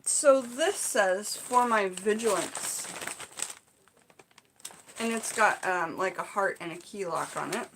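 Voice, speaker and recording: A woman vlogger from the Seattle area chatting to her viewers as she opens gifts, gushing, excited and full of fillers. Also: medium pitch, slow, long pauses, slight background noise. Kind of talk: casual unboxing chat to viewers.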